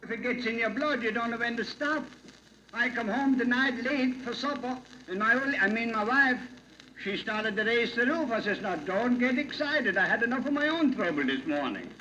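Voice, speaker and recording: A man's voice: extremely high pitch, expressive, normal speed, pushed and bright, voice pushed up, heavily acted. A man playing a rambling old Pennsylvania Dutch professor who tells jokes in dialect, on a dull, hissy old recording. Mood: folksy. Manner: folksy, rambling joke-telling in dialect. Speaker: comic monologue character. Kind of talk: vintage comedy routine.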